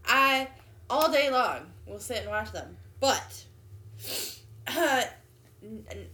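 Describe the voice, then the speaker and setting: A woman with a high voice and a very lively pitch chats casually on a podcast. She is blunt and laughs easily, and she swears now and then. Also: slow. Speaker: podcast co-host. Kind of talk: casual chat.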